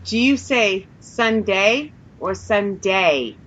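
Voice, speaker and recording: A woman's voice: mid-range voice, lively intonation, slow pace, fairly bright tone, husky, dull audio. A woman with a Massachusetts accent co-hosting a radio show, chatting playfully and dropping her R's. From Massachusetts and New Hampshire. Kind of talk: casual chat.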